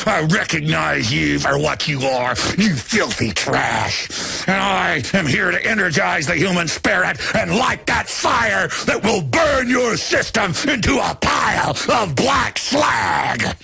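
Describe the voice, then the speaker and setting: A man hosting a talk show, delivering a furious, insulting ranting monologue with a gravelly, raspy voice. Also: high-pitched, animated, unhurried, pushed and bright, faint music behind.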